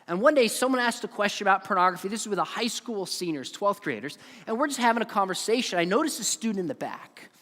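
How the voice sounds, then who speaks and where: Earnest high-voiced man in a reverberant hall. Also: expressive, fast talker, few pauses, fairly bright tone. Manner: earnest, emphatic, storytelling. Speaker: conference speaker. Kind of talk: earnest conference talk to students. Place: large conference hall.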